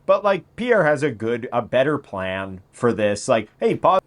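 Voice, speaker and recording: A man's voice: mid-range voice, measured pace. A man hosting a political commentary show, talking casually and sarcastically. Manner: sarcastic, animated, mocking voices.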